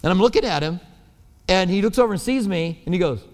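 A man's voice: high-pitched, lively intonation, fast, long reverb tail, slight background noise. A man preaching a sermon as pastor, telling stories in a conversational way and acting out voices.

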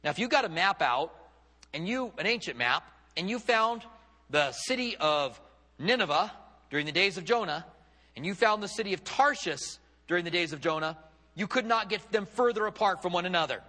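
A man's voice: sits high, expressive, normal speed, pushed and bright. A male pastor preaching a sermon, acting out quotes with big dramatic swings in his voice. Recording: long hall reverb.

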